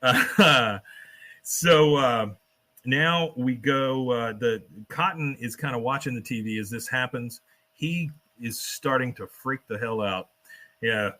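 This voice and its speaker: A man hosting a podcast, casually retelling a cartoon episode scene by scene, swearing and dropping into quick character voices. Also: medium pitch, sharp tone. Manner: swears casually and laughs while telling. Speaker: podcast host recapping an episode. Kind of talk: casual chat.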